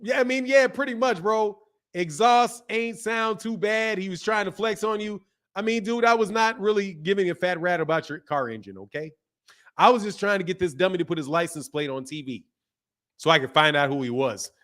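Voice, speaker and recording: A man hosting a live boxing talk stream, reading out donations, animated and laughing with loud outbursts. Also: sits high, moderate pace. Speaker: boxing channel host.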